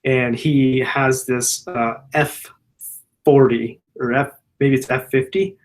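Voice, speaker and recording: A man's voice: mid-range voice, steady tone, takes it slowly. Laid-back, swearing male surgeon host. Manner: profane, loose storytelling. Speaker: general surgeon hosting a Q&A. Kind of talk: casual Q&A chat.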